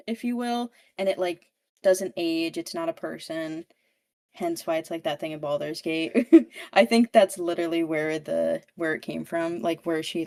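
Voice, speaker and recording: A woman's voice: fairly low pitch, darkish tone. A woman podcast co-host recapping a book in casual chat, rambling and full of filler "like"s. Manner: rambling, filler-heavy with frequent "like".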